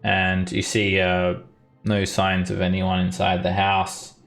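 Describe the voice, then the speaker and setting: A man running a tabletop game as dungeon master, narrating scenes with fillers and pauses. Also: sits low, completely flat delivery, creaky, fairly bright tone, soft background music.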